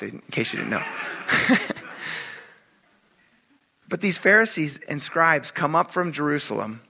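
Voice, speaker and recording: A middle-aged male pastor, his voice a little high, delivers a casual and animated sermon. He keeps asking the congregation "right?" and acts out quotes in a raised voice.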